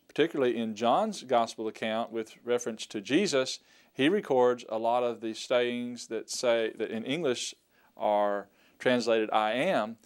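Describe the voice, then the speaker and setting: A man teaches a recorded Greek lesson in a smooth, resonant voice at a middle pitch. He speaks slowly and deliberately and says each word and its meaning twice. He explains patiently, the way a teacher walks students through vocabulary. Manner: slow, deliberate, repeats words for emphasis.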